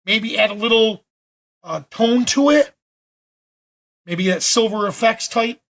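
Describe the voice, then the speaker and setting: A man teaching photo editing during a live video-call session, talking in a chatty, animated way with frequent restarts. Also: high-pitched, unhurried, vocal fry. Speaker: photography workshop instructor. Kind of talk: live online Q&A demo.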